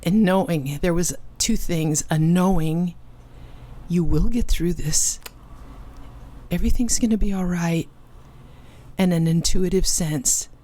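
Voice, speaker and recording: Woman speaker with a low voice, telling her testimony earnestly and emotionally. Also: dark tone. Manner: earnest, emotional storytelling with dramatic pauses. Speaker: ministry cofounder and conference speaker. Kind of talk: personal testimony.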